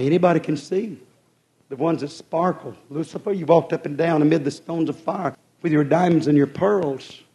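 High-pitched fervent male preacher. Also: mellow. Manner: fervent, rhythmic preaching with call-outs to the congregation. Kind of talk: sermon.

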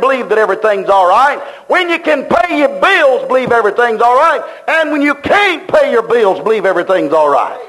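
High-voiced fervent male preacher. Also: a bit bright, rough recording. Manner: fervent, repetitive preaching cadence; plain-spoken, folksy grammar. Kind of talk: sermon.

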